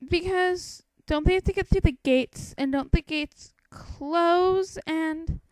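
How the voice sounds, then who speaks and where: Her voice is very high-pitched and a little mellow, and she takes things slowly, heard through a dry, low-quality recording. This young book commentator talks casually about her current read, posing nitpicking questions with a quizzical air.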